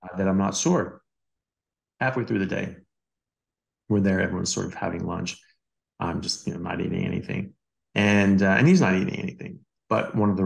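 A man with a deep, gravelly voice tells a personal story in a relaxed, conversational way. He often restarts his sentences and fills the gaps with "you know" and "like." He sounds like a doctor chatting on a podcast. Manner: animated anecdotes with many fillers and restarts. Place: Australia.

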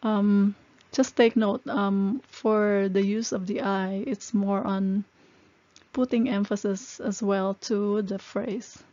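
A woman's voice: medium pitch, fairly even intonation, slow pace, warm tone, no echo. A woman teaching a language lesson, explaining phrases step by step and repeating them. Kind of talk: slow, patient language lesson. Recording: dull lo-fi sound.

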